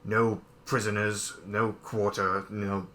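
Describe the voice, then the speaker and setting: A man co-hosting a casual chat, retelling scenes in a rambling way full of "like" and quick quoted voices. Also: fairly low pitch, little pitch movement, sharp tone. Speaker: podcast co-host.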